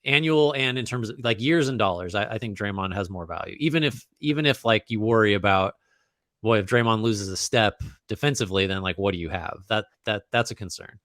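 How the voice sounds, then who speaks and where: Thinking aloud about basketball, this podcast co-host keeps restarting his sentences and dropping fillers into the casual chat. His lowish, fairly bright voice runs a little fast, captured at studio quality without any room sound.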